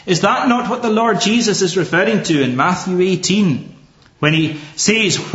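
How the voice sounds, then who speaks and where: A man's voice: sits high, normal speed, fairly bright tone, roomy sound, highs cut off. A man preaching a sermon, earnest and emphatic, asking rhetorical questions and pressing home each point.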